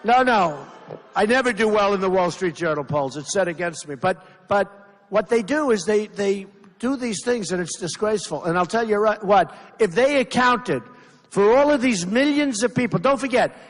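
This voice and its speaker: A man's voice: high-pitched, animated, moderate pace. A man giving a campaign rally speech, rambling and repetitive, with emphatic asides to the crowd. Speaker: political candidate. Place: large rally venue. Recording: long reverb of a big hall.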